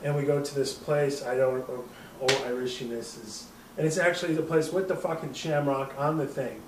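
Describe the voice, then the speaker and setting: Recorded off-mic in a roomy space with faint ambience and a noisy background, a man hosts a casual show. His mid-range voice is fairly even and moves at a normal speed as he rambles through a drunken story, swearing a lot and laughing at his own telling.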